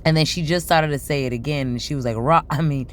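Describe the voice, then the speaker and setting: A woman making slow, amused asides to her viewers. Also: sits low, a little hiss or hum.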